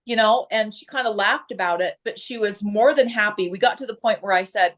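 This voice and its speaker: A woman's voice: mid-range voice, fairly quick, hardly any pauses, a bit bright. A woman who works as a real estate agent, chatting about signing clients and acting out her client's surprised reactions. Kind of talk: casual storytelling in a meeting.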